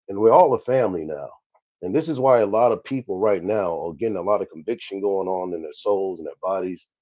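A man's voice: low-pitched, mellow, breathy edge, no room sound. A man hosting a livestream Bible teaching, greeting viewers one by one by name and often repeating his phrases. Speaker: minister and livestream host.

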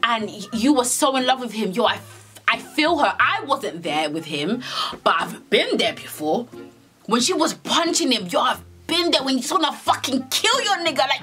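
Young british woman telling a story, high bright voice, swears a lot, acts stuff out. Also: normal speed, soft background music. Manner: animated, slangy, swears a lot, acts out scenes. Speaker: storyteller vlogger. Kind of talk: casual storytime chat.

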